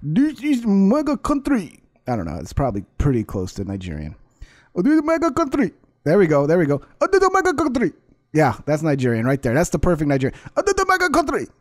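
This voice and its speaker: A man putting on a high, squeaky, mocking caricature voice in a drawn-out, exaggerated way. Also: expressive, mellow, close to an everyday voice. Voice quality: shrill, drawn-out mockery.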